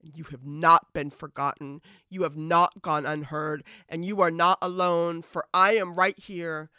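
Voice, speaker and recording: A woman voicing God in a spoken-word poem, gentle and reassuring toward a hurting daughter. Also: low-pitched, a little slow, dry recording, studio quality. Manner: gentle, reassuring, steady recitation. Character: tender patient loving God speaking to a daughter.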